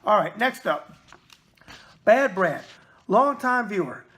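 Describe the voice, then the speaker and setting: A man's voice: high voice, expressive, slow pace, bright, forceful tone. A man with a New York accent hosting a casual mailbag video show, talking in a brash, wisecracking way and repeating catchphrases. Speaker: show host.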